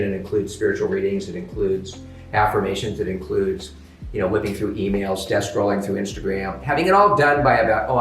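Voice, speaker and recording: A man's voice: on the low side, gravelly. Man telling stories from a distant mic. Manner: lively storyteller, upbeat. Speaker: interview guest. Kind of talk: casual interview chat. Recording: echoey, distant mic with faint music.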